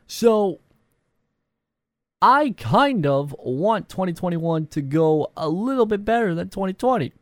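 A man's voice: high voice, sing-song, a little slow, dry recording. A young man vlogging casually, rambling and self-deprecating with lots of fillers. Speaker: YouTuber. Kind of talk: casual vlog talk.

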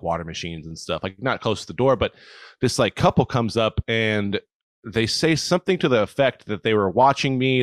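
A man's voice: fairly low pitch, dry recording, studio quality. Rambling, swearing guy. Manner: rambling, heavy swearing, many fillers. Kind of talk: casual storytelling chat.

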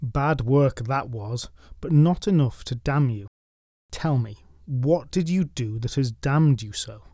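A man voicing a stern, calm male priest who speaks slowly and gravely as he commands a ghost. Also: mid-range voice, no echo, clean studio sound.

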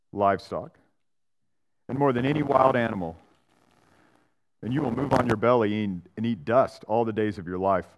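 A man who is a pastor, preaching an expository sermon in a conversational way, often tagging lines with "right?" and briefly acting out the people he quotes. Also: medium pitch. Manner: acts out Bible characters and church members in voices.

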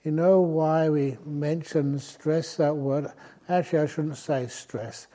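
An older man giving a relaxed dharma talk as a meditation teacher, telling gentle, humorous stories with soft chuckles. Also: on the high side, measured pace. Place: retreat centre meditation hall.

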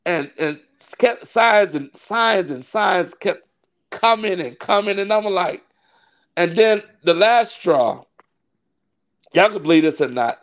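A Baptist pastor from California telling a personal story in a rambling, heartfelt way, full of fillers. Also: male voice, fairly high pitch, a bit bright. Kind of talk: casual interview storytelling.

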